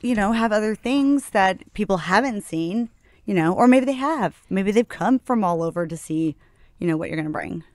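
A podcast co-host in casual chat, upbeat and chatty, quick to encourage the guest. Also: medium pitch, lively intonation, a little mellow, no echo, studio quality.

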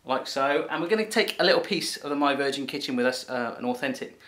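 A man's voice: medium pitch, quick pace, a bit bright. A man from from there, chatting casually and jokingly to his viewers in a cooking vlog. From southwest England. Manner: chatty and jokey, talks straight to viewers. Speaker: cooking vlogger. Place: kitchen, then outdoors on a windy coastal walk.

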